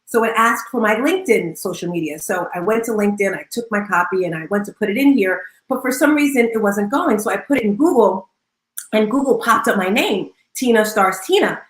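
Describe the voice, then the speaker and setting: A woman hosting a live audio room, talking in an energetic, bubbly, animated way. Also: medium pitch, fairly quick, echoey room, low-quality recording. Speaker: host.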